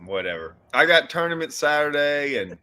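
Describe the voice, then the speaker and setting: A man's voice: a little high, very animated, normal speed, sharp tone. A man hosting a casual fishing chat, rambling with restarts and loose asides. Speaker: host.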